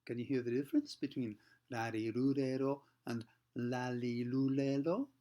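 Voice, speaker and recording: A man teaching pronunciation in a patient, step-by-step way. He slows down to model sounds carefully and keeps checking that the listener is following. His voice sits at an ordinary middle pitch. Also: fairly even intonation, mellow. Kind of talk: explanatory lesson for learners.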